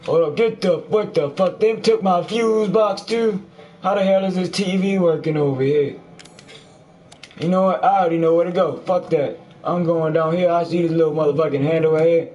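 A man's voice: fairly high pitch, normal speed, a little mellow, muffled recording. A man giving crude, jokey running commentary while he plays a horror game, cursing at everything he meets. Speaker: gamer. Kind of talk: profane let's play commentary. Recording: faint background noise.

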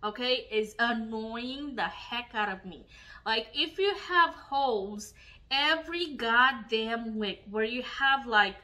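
Young woman, beauty vlogger, from Romania; bright, fairly high voice; angry, profane rant over a makeup tutorial. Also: poor audio. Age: young adult. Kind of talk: ranting while doing makeup.

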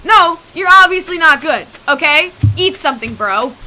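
Young woman, let's play commentary, goofy and chatty, high bouncy voice, loud rain hiss. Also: lively intonation, moderate pace, few pauses. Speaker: gamer.

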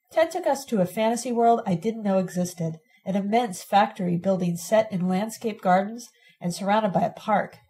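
Lady reading a novel out loud, calm and steady, soft mellow tone. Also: medium pitch. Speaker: audiobook reader. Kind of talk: first-person novel reading.

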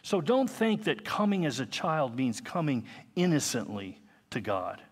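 Slow-speaking preacher man in his fifties. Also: on the high side, very animated, husky. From United States. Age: 50s. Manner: earnest, conversational preaching with asides. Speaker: pastor. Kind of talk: sermon.

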